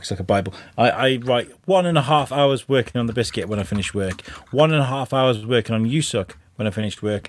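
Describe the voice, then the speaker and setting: A man hosting a podcast, telling rambling, sweary, animated stories. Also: mid-range voice, slight background noise. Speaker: podcast host. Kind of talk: casual chat.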